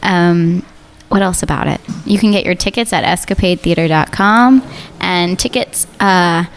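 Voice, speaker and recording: A woman guesting on a comedy radio show, playful and flirty, quick to laugh. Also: lowish voice, slight background noise. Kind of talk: casual comedy radio chat. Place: radio studio.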